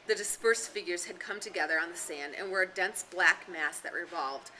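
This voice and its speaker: Female narrator reading a novel; expressive, bright voice, slight background hiss. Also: lowish voice, normal speed, hardly any pauses. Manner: steady, expressive storytelling. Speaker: reader and tutor.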